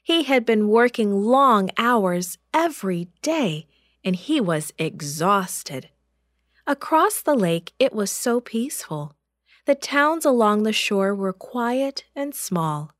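Slow, expressive woman storyteller. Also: mid-range voice, dry recording, studio quality. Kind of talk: children's Bible story narration.

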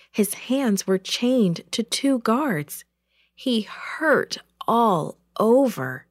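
A woman storyteller reads a children's Bible story clearly and expressively. Her voice rises and falls widely at a slow, deliberate pace, recorded close and dry. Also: mid-range voice, no room sound.

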